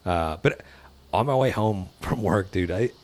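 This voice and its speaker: A man's voice: low-pitched, lively intonation, a little slow, a little mellow. A man with a Texan accent, co-hosting a casual podcast and telling rambling stories. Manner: rambling storyteller, mimics people in quotes. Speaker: podcast co-host. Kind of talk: casual chat.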